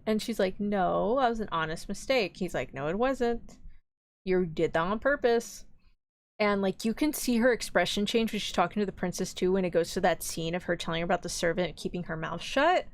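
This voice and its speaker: A young woman streaming a casual anime recap, acting out the characters' lines in an animated, swearing storyteller's way. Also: mid-range voice, moderate pace, no echo. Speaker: VTuber streamer.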